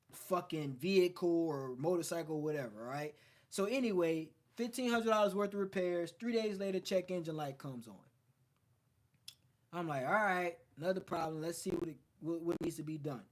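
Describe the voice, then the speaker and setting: A man with a fairly high voice talks straight to his viewers like a coach. His delivery is blunt and loose, salted with profanity and driven by storytelling from his own life. It sounds like an unscripted motivational livestream. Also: normal speed. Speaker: men's self-improvement coach. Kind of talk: casual motivational livestream talk.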